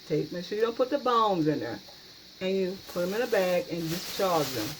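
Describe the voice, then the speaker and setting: A woman chats her way through a recipe in her home kitchen. She talks in a folksy, homey manner, at an everyday middle pitch. A faint hiss sits under the recording. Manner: folksy, repeats "y'all" and "yes, indeed". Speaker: cooking channel host. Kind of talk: casual cooking video.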